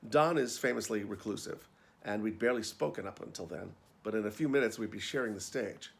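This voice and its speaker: A man reads his own memoir about life backstage, telling it wryly and conversationally, as if to a friend. His voice sits low, with a gravelly rasp at the bottom of his register. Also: brisk. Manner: wry, conversational storytelling. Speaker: actor and storyteller.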